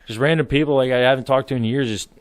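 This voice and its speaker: A man's voice: mid-range voice, steady tone, racing, dry recording. A man in his thirties telling war stories in casual podcast chat, rambling, laughing and swearing freely. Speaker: podcast guest, military veteran. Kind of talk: casual storytelling.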